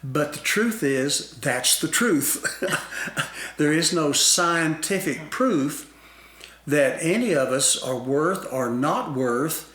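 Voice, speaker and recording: A man explaining ideas about self-concept in a slow, deliberate talk-show conversation, with many fillers and restarts. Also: on the high side, lively intonation, fairly bright tone, reverberant. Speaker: guest expert on self-concept.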